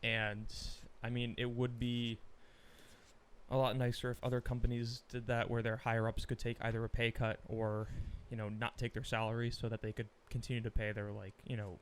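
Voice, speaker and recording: A man co-hosting a relaxed podcast, his voice sitting in an ordinary middle pitch. He talks in an animated, casual way, laughs often and swears freely. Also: moderate pace, slight background noise. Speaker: podcast co-host. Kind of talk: casual chat.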